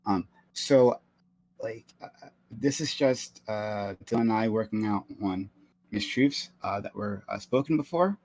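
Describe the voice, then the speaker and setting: A man's voice: on the low side, a little slow, rough recording. A man giving an opening statement in an online debate, hesitant and full of fillers.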